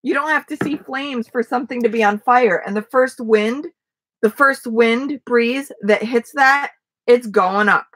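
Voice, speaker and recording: A woman's voice: a little high, measured pace, fairly bright tone. Casting: middle-aged woman, casual vlogger, rambling outdoor livestream chat. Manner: rambling, chatty, many fillers and restarts. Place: outdoors in a front yard.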